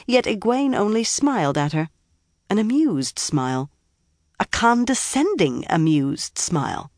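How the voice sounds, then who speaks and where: A woman narrating a fantasy audiobook in a measured, even way. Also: mid-range voice, dry recording, studio quality.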